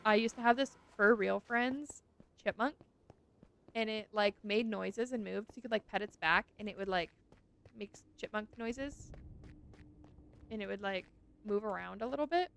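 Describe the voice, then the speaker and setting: A woman's voice: medium pitch, moderate pace, vocal fry, long pauses, a little hiss or hum. A woman streaming a game, chatting casually with her viewers and gushing over cute animals.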